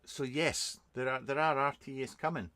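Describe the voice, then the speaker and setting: A man's voice: medium pitch, steady tone, moderate pace, bright, forceful tone, no echo. A man, a reviewer hosting a casual live stream, answering viewers in a rambling, chatty way with many ums and restarts.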